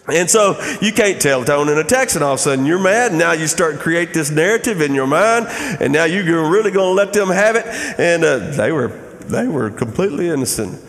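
A man's voice: on the high side, expressive, fairly quick, a bit bright, long reverb tail. A middle-aged male pastor preaching a sermon in a conversational way, often asking the crowd "Amen?".

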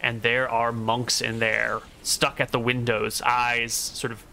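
A man narrating scenes and rules as game master, relaxed and descriptive with frequent fillers. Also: medium pitch, takes it slowly, vocal fry, a little hiss or hum.

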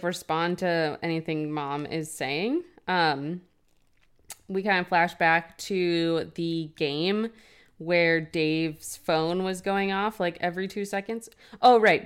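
A young woman with a lowish, smooth and resonant voice chats about a novel on her podcast. She laughs easily and slips into reading passages aloud in a casual, friendly way. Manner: giggly, recaps chapters and reads passages aloud. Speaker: podcast co-host. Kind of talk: casual book-club chat.

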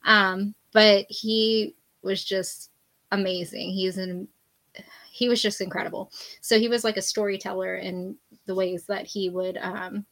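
Picture a woman in her forties, a podcast guest in casual conversation about faith. She talks candidly and rambles a little, laughing through her own stories. Her pitch sits at a medium level. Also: fairly bright tone, low-quality recording.

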